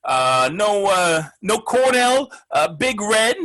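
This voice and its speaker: An actor playing a brash, foul-mouthed male sports show host who rants loudly and mocks his targets in a comedic sports segment. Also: high voice, very animated, slow, heavily acted. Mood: ranting. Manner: loud, ranting, profane, mocking.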